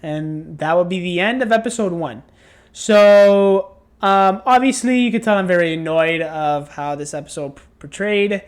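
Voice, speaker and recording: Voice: mid-range voice, moderate pace. A tired, yawning reviewer talking through a casual spoken review in a rambling, exasperated way, with many restarts. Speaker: show reviewer.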